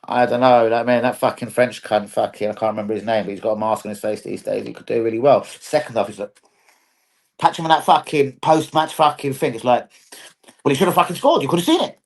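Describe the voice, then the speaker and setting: A man's voice: medium pitch, a little fast, creaky. Brief: man hosting a livestream, rowdy and foul-mouthed, mumbling one moment and bellowing the next. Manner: rowdy, profane, swings from mumbling to shouting. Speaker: livestream host. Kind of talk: livestream fan chat. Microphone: computer mic on a livestream.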